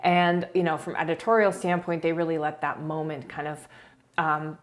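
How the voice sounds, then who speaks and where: A woman with a slightly low voice talks through a reality show scene in a loose, chatty way. She hedges and restarts her thoughts as she goes. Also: level tone, normal speed. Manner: chatty, hedging, frequent restarts and soft laughs. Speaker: reality TV commentator. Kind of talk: casual video commentary.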